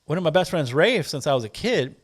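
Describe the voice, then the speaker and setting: A man with a slightly higher voice tells a story as a podcast guest. He talks casually and loosely, swearing now and then. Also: big pitch swings, a little fast. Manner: loose, profane, acts out scenes with quoted voices.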